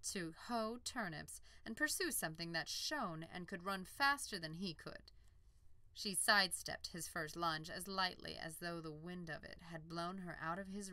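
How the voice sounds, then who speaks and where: Slow, bright-toned woman narrator. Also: fairly low pitch, no echo. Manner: calm, measured storytelling. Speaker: audiobook narrator. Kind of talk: scripted narration.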